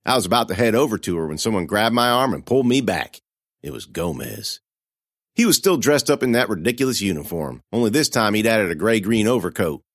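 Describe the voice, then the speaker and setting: In a dramatic, expressive style, a man reads a horror story told in the first person, his low voice ranging widely in pitch. He goes fast with few pauses, and the recording is dry and close, with no room sound or echo.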